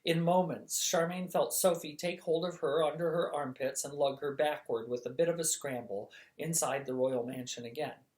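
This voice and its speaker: Bedtime storyteller reading a novel aloud, measured, expressive. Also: medium pitch.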